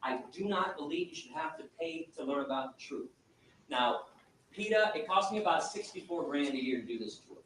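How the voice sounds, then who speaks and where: A man from Michigan giving an impassioned speech to an audience and taking questions, telling his story in a fast, emphatic, animated way. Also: a little high, crowd noise. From Michigan, USA. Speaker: activist lecturer. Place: lecture room with audience. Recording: echoey room, distant mic, faint hiss.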